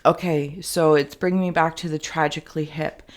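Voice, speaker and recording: A woman's voice: low voice, fairly even intonation, normal speed. A woman giving a spoken tarot and spirit reading to camera, rambling and thinking aloud with many fillers and restarts. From Canada. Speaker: tarot reader and psychic.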